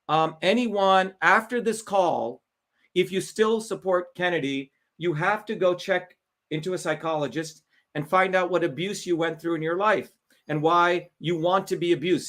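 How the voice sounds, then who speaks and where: A man with a high, fairly bright voice hosts a livestream. He delivers heated, combative political commentary laced with profanity and mockery.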